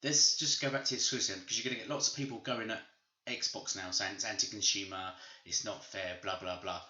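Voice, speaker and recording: Hosting a gaming video, a man drives his opinions home with emphatic, repetitive phrasing. His voice is lowish, sharp and bright, steady in tone and fairly quick. The room echoes around him and the recording sounds slightly dull.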